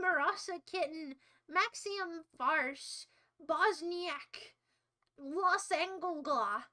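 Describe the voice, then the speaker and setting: A woman's voice: high-pitched, takes it slowly, sharp tone. A young woman hosting a livestream, talking casually in a melodramatic, mock-despairing and playfully insulting way. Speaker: livestream host.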